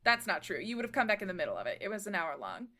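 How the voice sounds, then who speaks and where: A woman runs a tabletop game, narrating scenes in a chatty, meandering way with plenty of fillers. Her voice is bright and clear at a middle pitch. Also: very animated, rapid-fire. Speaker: game master.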